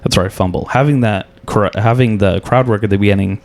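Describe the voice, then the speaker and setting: A man's voice: lowish voice, fast talker, darkish tone. A comedian in casual chat, candidly and profanely critiquing his own stand-up set. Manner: candid, swearing, self-critical. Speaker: comedian guest.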